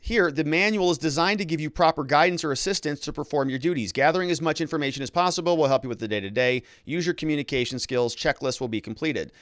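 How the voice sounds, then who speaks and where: A man's voice: a little high, fast, hardly any pauses, fairly bright tone, dry recording, studio quality. A man who hosts a legal commentary show, talking casually and sarcastically while reading documents aloud. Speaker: lawyer and legal commentary host.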